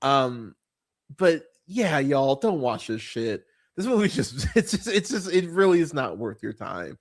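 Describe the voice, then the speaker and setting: A man's voice: medium pitch, very animated, a little slow. A young man hosting a podcast, chatting casually and profanely about bad movies, rambling with many fillers and laughing as he goes. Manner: rambling, profane, laughing often, swooping into mocking voices. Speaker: podcast host. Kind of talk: casual movie review chat.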